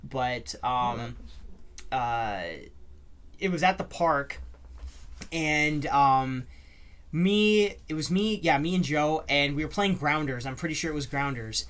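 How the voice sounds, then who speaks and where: A young man co-hosting a casual podcast, telling animated stories with many fillers and bursts of laughter. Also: fairly high pitch, slow, clear, resonant tone. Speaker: podcast co-host. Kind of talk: casual chat, storytelling.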